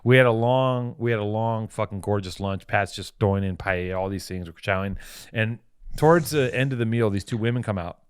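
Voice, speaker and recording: This is a man with a low-pitched voice, co-hosting a casual podcast in a loose, crude way. He teases and jokes, then drifts into long, meandering stories. The sound is dry, with no room around it. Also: a little fast, clear, resonant tone, no room sound. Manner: crude, teasing, rambling storyteller. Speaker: podcast co-host.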